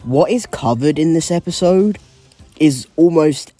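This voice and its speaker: Mellow, sincere male commentator. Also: on the high side, animated, dry recording, faint music behind. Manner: sincere, measured. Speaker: guest commentator. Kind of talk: video commentary.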